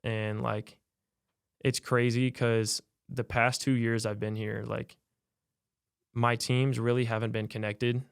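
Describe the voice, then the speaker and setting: A young man, a college athlete, telling a personal story in a podcast interview, soft-spoken and halting with many fillers. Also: mid-range voice, flat delivery, gravelly, smooth, no echo, studio quality. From United States. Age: young adult. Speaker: college basketball player, podcast guest. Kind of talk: personal testimony in a podcast conversation.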